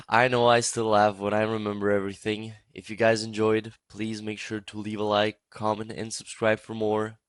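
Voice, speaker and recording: A young man narrating a storytime vlog with an animated, laughing, profane delivery. His voice sits fairly low and sounds close and dry, with no room behind it. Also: clean tone, no room sound. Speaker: storytime vlogger.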